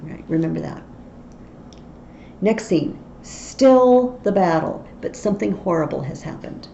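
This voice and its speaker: A woman's voice: fairly low pitch, animated, a little slow, vocal fry, mellow. A woman teacher explaining a play in a literature tutorial, with wry asides, on a dull, faintly noisy recording.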